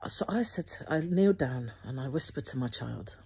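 A woman, speaking earnestly to her viewers with Christian encouragement, gently instructive and often restarting her sentences. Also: very deep voice, lively intonation, moderate pace, vocal fry, husky. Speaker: Christian video host.

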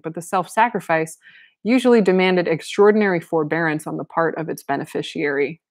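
A woman's voice: lowish voice, animated, brisk, no echo. A woman reading a novel aloud with casual commentary, breaking in with wry asides and frequent laughs. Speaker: reader and commentator.

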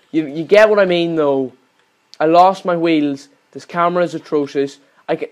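A young man, voice a little high, plays through a game on his channel with casual commentary. Nonstop swearing and shouting at the game mark every mistake.

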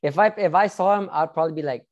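A man's voice: a little high, lo-fi sound. Eager young man hosting an interview. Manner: eager and admiring, halting with restarts. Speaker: interview host. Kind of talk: casual fan interview.

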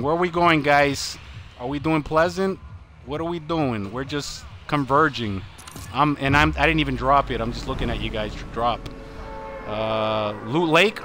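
Excitable New man streaming a game. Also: mid-range voice, slight background noise. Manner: excitable, laughing, repeats exclamations. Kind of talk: excited live gameplay commentary.

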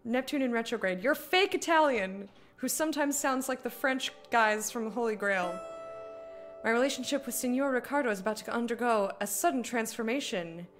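A young woman streaming a game, chatting casually and reading game text aloud between jokes. Her voice sits a bit high for a woman, with soft music behind her. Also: normal speed. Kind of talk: casual live-stream commentary.

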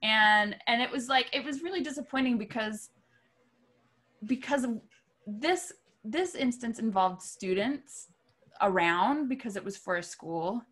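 A woman's voice: fairly high pitch, lively intonation, a little slow, fairly bright tone. Chatty woman arranger telling a story. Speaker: music arranger and vocal clinician. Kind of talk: casual interview talk.

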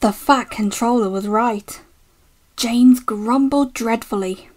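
A woman reading a children's storybook aloud, gentle and unhurried. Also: a little high.

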